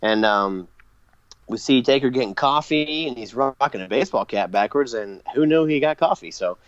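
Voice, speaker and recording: A man's voice: mid-range voice, expressive, normal speed, no echo, lo-fi sound. A man co-hosting a podcast, recapping eagerly in casual chat with lots of fillers. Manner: enthusiastic recapping with frequent fillers and laughs. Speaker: podcast co-host.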